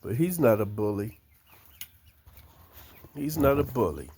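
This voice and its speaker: An older man, chatting slowly and fondly to his backyard chickens outdoors. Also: medium pitch, very animated, darkish tone, husky. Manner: slow, drawling, talks fondly to the birds. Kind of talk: casual chat talking to his hens. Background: chickens clucking.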